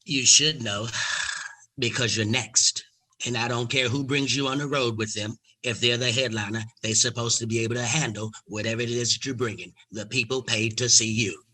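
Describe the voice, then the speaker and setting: A man putting on the voice of a famous male comedian, speaking calmly and grandly. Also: medium pitch, voice pushed down, rough recording. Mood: solemn. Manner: slow, calm, lordly. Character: famous male comedian, cool, unhurried, regal.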